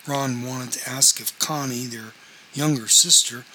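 A man reads a novel aloud in scripted audiobook narration. His voice sits at a middling pitch with a very bright, keen edge. He tells the story in a measured, even way. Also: a little hiss or hum, rough recording.

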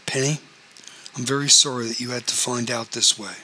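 A man's voice: mid-range voice, fairly even intonation, fairly quick, bright, forceful tone, a little hiss or hum, rough recording. A man voicing a guilty young woman, shaky and apologetic, pleading with her cousin. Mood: shaken. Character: guilty, shaken young woman caught in an affair.

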